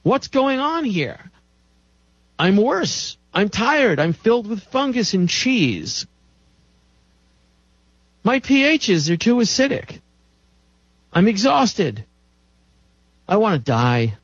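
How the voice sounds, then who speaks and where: A man's voice: sits high, very animated, takes it slowly, long pauses, no echo, voice pushed up, heavily acted. A man voicing an exasperated woman patient who is worn out by a long detox and complains in a string of whiny questions. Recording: dull dry recording.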